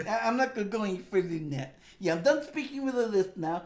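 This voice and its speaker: Animated joking radio host man. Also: high voice, fast, hardly any pauses. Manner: joking, laughing often, animated. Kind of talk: comedic radio talk.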